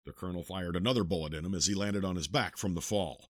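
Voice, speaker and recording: A man narrating an audiobook in a steady, measured storytelling manner, recorded close to the mic. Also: low-pitched, no room sound.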